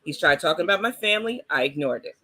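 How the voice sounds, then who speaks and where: Outspoken middle-aged New woman panelist, bright and forceful tone, plain-spoken. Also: lowish voice, expressive, fast talker. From New York. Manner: blunt and outspoken. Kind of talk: casual panel chat.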